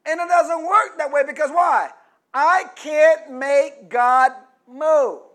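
A middle-aged man preaching a sermon, prompting the congregation to finish his phrases and swinging between quiet teaching and loud, emphatic preaching. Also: extremely high pitch, slow pace.

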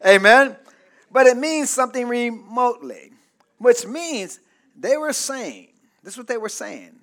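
A male pastor preaching a sermon, calling out to the congregation for responses and building up to shouted peaks. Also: extremely high pitch, expressive, measured pace.

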